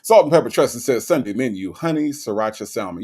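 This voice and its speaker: A man's voice: mid-range voice, expressive, fairly quick, darkish tone, husky. A man hosting a casual livestream, reading chat comments aloud in a playful, sassy, teasing way.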